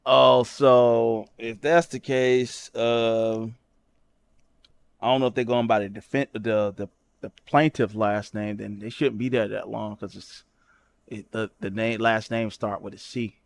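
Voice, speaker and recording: A man hosting a livestream, roasting someone loudly and profanely, jumping into shrieking high tones to mock and often asking "you know what I'm saying". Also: fairly even intonation, measured pace, vocal fry. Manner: loud mocking roasting with shrieking high jumps. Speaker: livestream host. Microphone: streaming setup at a computer.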